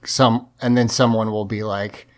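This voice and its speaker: A man's voice: fairly low pitch, flat delivery, measured pace. A man with a light Southern US accent co-hosting a podcast, talking casually and often restarting his phrases. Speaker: podcast co-host. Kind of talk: casual chat.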